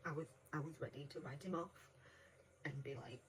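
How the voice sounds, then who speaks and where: A woman's voice: low-pitched, a little fast, a little hiss or hum, poor audio. A woman giving a casual audiobook review in a chatty way, laughing often and acting out quotes in between. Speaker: book reviewer.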